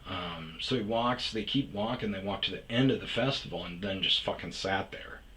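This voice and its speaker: A man from Wisconsin spins a personal story, swearing freely and circling back on his sentences as he goes. His voice sits on the low side, with loose, casual talk. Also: moderate pace, fairly bright tone, poor audio. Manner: rambling, profane, self-interrupting.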